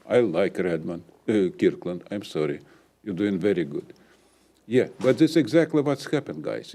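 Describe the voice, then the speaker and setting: A man's voice: lowish voice, mellow. An older man whose first language is not English, giving an emphatic, ranting public comment at a city council meeting in broken English.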